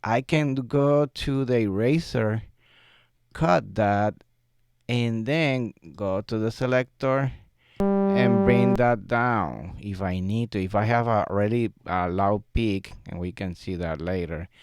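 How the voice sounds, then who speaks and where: A man teaching a music software tutorial, explaining step by step in a relaxed way and laughing often. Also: lowish voice, takes it slowly, smooth, no echo. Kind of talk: screen-recorded software tutorial. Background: vocal track playback.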